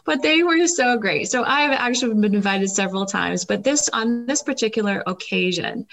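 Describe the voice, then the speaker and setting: A woman's voice: medium pitch, fairly bright tone, rough recording. A middle-aged woman, a guest, telling an emotional faith story in an interview, with many fillers.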